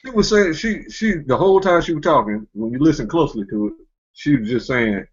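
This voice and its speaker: A man's voice: a little high, lively intonation, fairly quick, breathy edge, lo-fi sound. A man hosting a casual commentary chat, mocking and laughing often, speaking in loose street slang. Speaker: commentary show host.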